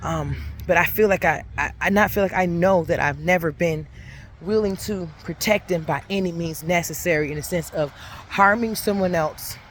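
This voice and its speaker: A woman's voice: on the low side, moderate pace, slight background noise. A woman reflecting on faith and telling a personal story in a casual, earnest way, rambling and restarting her sentences. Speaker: faith vlogger.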